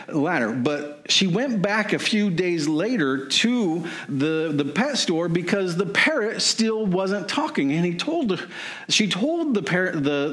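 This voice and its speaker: Male preacher, storytelling, rambling and repetitive, slightly high voice. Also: a bit bright. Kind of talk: sermon storytelling.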